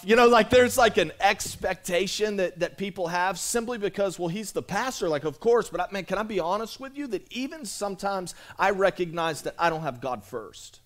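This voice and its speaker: A man's voice: sits high, animated, moderate pace, hardly any pauses. A man pastor preaching a sermon to his congregation in a casual, conversational way, repeating phrases and calling out to the crowd. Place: church sanctuary.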